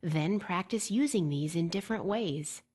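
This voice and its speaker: A woman reading a scripted exam-preparation lesson in a clear, measured way, slowing down to model example words. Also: fairly low pitch, a little mellow. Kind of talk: scripted instructional narration.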